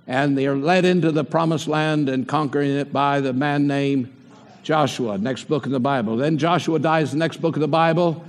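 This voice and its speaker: A man's voice: a little high, fairly even intonation, normal speed. An older man preaching a sermon and putting rhetorical questions to the congregation. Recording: long hall reverb.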